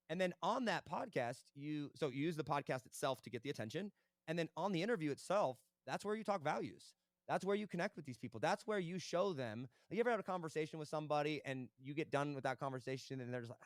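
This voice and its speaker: Fast-talking man telling business stories. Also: a little high, no room sound, studio quality. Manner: fast, animated, keeps asking "right?". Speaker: podcast guest, entrepreneur. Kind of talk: casual interview storytelling.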